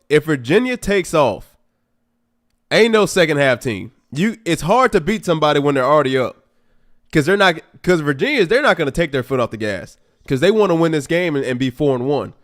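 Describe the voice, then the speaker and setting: A young man hosts a casual football watch stream, reacting live to every play. His voice sits a bit high for a man and swings up and down constantly, from steady coaching advice to exasperated, shouted outbursts. He sounds close to a desktop streaming mic. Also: moderate pace, pauses often. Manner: animated, talks back at the game, rising to exasperated outbursts. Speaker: livestream host.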